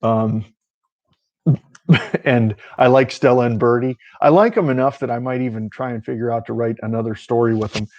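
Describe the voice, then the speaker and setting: A man's voice: mid-range voice, moderate pace, a little mellow, highs cut off. A middle-aged man, an author who hosts a show, chatting casually after a reading in a rambling, chuckling manner. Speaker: author and host.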